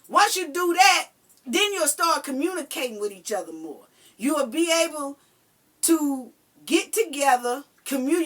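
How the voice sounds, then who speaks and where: A woman talks straight to her viewers about relationships in a loose, unscripted monologue. Her voice sits high and sounds bright and sharp. She is blunt, swears freely, and keeps circling back to her points with plenty of fillers. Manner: blunt, profane and emphatic, talking straight to viewers; colloquial, with many fillers and repeated points. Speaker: relationship advice vlogger. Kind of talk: casual advice monologue.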